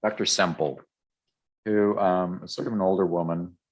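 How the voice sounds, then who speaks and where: A man's voice: low voice, steady tone, normal speed. A man co-hosting a podcast, chatting casually through a comic recap with lots of ums and restarts. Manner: rambling, many ums and restarts. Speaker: podcast co-host. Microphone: podcast microphone.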